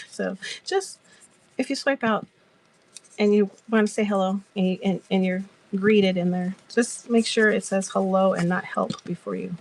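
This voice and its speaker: A woman's voice: medium pitch, vocal fry, a little mellow. A woman hosting a casual crafting chat, telling stories in a giggly, rambling way. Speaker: crafter and live-selling host.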